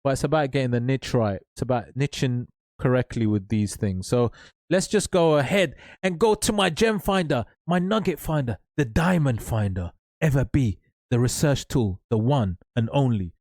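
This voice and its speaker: A man's voice: medium pitch, expressive, moderate pace, darkish tone, no room sound, clean studio sound. A man hosting an online selling tutorial, hyped and repetitive, often calling out to his viewers. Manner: hyped, repetitive, keeps saying guys and right. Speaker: online seller tutorial host. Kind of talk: energetic screen-share tutorial.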